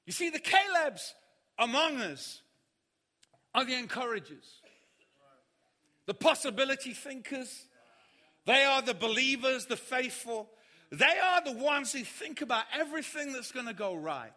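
A man preaching a sermon, telling a funny story and acting out the panic of others in shouts. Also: very high-pitched, big pitch swings, measured pace. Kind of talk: sermon with humorous anecdote. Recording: hall reverb.

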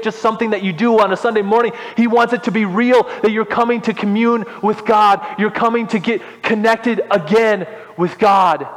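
A man preaching a sermon as pastor, emphatic and repeating his key phrases. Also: high-pitched. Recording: long reverb of a hall.

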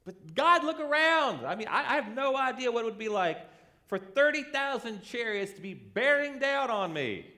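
Male pastor mid-sermon, high, lively delivery, acts out the quotes. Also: normal speed. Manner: animated, acts out quoted voices.

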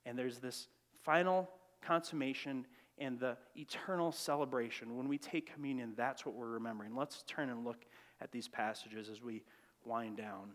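A man preaching a sermon, reading scripture with rising emphasis and then dropping into quiet reflection, in a church sanctuary. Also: mid-range voice, steady tone, moderate pace. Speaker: pastor. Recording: long church reverb.

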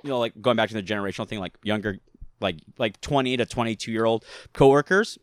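A man in casual chat, rambling and animated, with lots of fillers and swearing. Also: fairly low pitch, quick pace, clean tone, no room sound.

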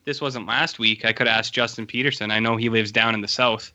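A man's voice: on the low side, steady tone, a little fast, bright, forceful tone. A Canadian man co-hosting a podcast, joking and rambling with lots of fillers. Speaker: podcast co-host. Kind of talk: casual chat.

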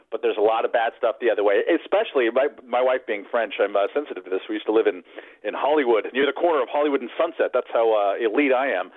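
A man's voice: lowish voice, dry recording. A man speaking as a guest in casual political radio chat, wry and digressive with many fillers. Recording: dry, phone-like narrow line.

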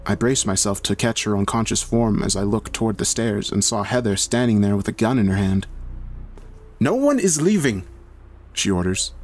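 Low-voiced man reading horror fiction. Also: slight background noise. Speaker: narrator. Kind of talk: scripted horror narration.

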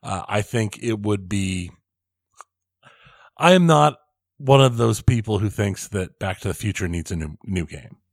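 A man's voice: lowish voice, expressive, a little slow, vocal fry, no room sound, clean studio sound. A man co-hosting a podcast in casual chat, starting over and repeating his words, laughing often. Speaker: podcast co-host.

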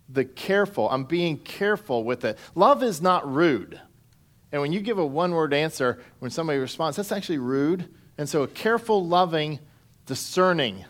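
A pastor preaching a sermon in a conversational way, asking the congregation direct questions. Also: male voice, a little high.

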